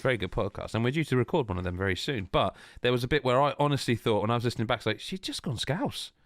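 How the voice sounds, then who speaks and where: A man hosting a casual podcast chat, talking in halting restarts. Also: mid-range voice, no echo.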